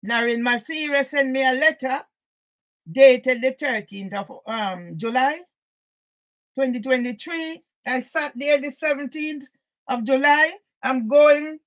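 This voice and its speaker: A woman with a high voice rants to camera in an upset, agitated monologue. She swears constantly and keeps throwing out a challenging "yeah?". Her voice sounds emotional and near tears. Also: unhurried, poor audio. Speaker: vlogger. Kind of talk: angry personal monologue to camera.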